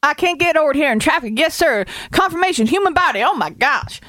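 A woman's voice: sits high, expressive, brisk, a bit bright, no echo, studio quality. A woman reading out the part of a panicked male trucker calling 911, frantic and repeating himself. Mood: horrified.

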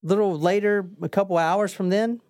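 A man's voice: sits high, steady tone, moderate pace, a little mellow, no echo, studio quality. A man hosting a casual true-crime podcast, reading out case notes and joking with his co-hosts. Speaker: podcast host.

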